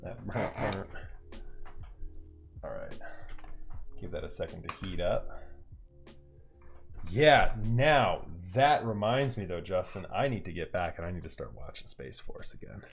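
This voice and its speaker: A man with a low, gravelly voice speaks unhurriedly, with big pitch swings and long pauses. Upbeat and slangy, he chats casually with live stream viewers while building a keyboard in a room at home, using a headset mic as faint music from a movie plays elsewhere.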